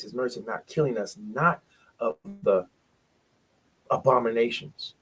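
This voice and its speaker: A man with a medium-pitched, breathy voice teaches a bible study over a livestream. He's preachy and emphatic, swinging between loud bursts and hushed words.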